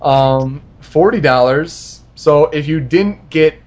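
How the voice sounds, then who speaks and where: A man's voice: on the high side, slow, a little mellow. A man co-hosting a casual gaming podcast, jokey and teasing, blurting short quips. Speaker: podcast co-host.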